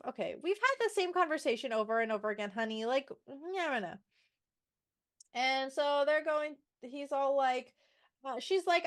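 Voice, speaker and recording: A woman's voice: high voice, lively intonation, normal speed. A woman co-hosting a book podcast in casual chat, sassy and swearing freely as she mocks the characters and reads passages aloud. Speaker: podcast co-host.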